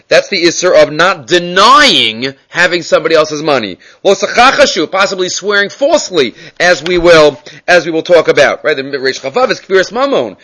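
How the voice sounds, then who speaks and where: Man, slightly high voice, teaching Torah in a casual, animated style, mixing in Hebrew terms. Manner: animated, rising emphasis on key points. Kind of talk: daily Torah class on the mitzvot.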